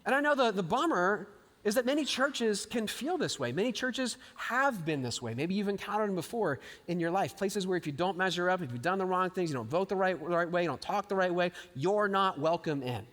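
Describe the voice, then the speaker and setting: A man preaching a live sermon, animated, acting out scripture quotes and swinging between loud and hushed lines. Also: high voice, a little fast. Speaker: pastor. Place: large church auditorium. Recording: live sermon with long hall reverb.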